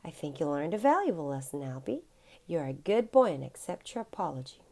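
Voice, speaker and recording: Mom reading a kind old orchard lady, soft, sighing, a bit breathy. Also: low-pitched, big pitch swings, a little fast, heavily acted. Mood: gentle, sad. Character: kindly old woman orchard owner, gentle.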